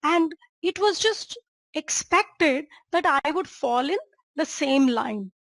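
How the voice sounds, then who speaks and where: A high-pitched woman teaches a case as a doctor, keeping her listeners engaged with check-ins and rhetorical questions. The sound is dry and close, with no room echo. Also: expressive, takes it slowly, a bit bright. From India. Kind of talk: lecture presenting a clinical case.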